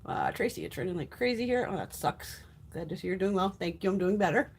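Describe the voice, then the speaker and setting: A woman's voice: fairly low pitch, sing-song, a little fast, a little mellow, breathy edge. A woman hosting a casual beauty haul live stream, chatty and blunt, swearing freely as she greets viewers. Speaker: beauty livestream host.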